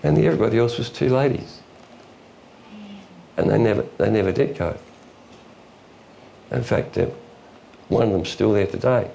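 A low-pitched man with a gravelly, creaky edge to his voice delivers a sermon. He preaches in a folksy way, full of homely illustrations and quick asides, with faint room sound behind him. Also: expressive, mellow, slight background noise. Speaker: pastor.

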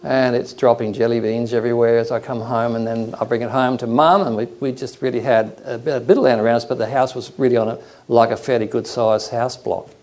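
With a darkish mid-range voice and fairly even intonation, this middle-aged preacher moves fairly quickly and barely pauses. His sermon is built on stories, which he brings alive by mimicking animals and other voices.

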